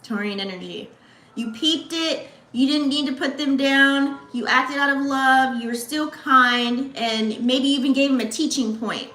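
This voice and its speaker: Bright-voiced woman giving a slangy astrology reading. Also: high voice, measured pace, faint music behind. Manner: slangy, chatty, addresses viewers directly. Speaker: astrology channel host. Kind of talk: casual astrology reading to camera. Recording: echoey room.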